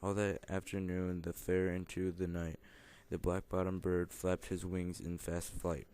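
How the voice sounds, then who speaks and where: A young man reads a children's rhyming storybook aloud without putting on voices. His voice sits very low and level, with a smooth, clear tone, and he stumbles and corrects himself now and then. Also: monotone, unhurried, dark tone. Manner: plain, mostly unvoiced reading with small stumbles and self-corrections. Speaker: student reader. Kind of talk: reading a picture book aloud.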